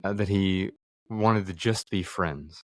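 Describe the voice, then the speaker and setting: A man's voice: deep voice, slow pace, no echo. A man in his forties, a podcast guest, telling a personal story in an earnest, reflective way and acting out quoted dialogue. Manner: earnest, acts out quoted dialogue, frequent fillers. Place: studio room with others present.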